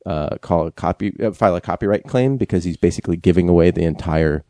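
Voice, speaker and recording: A man co-hosting a casual podcast, talking haltingly with lots of fillers and restarts. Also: sits low, mellow, no echo. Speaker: podcast co-host.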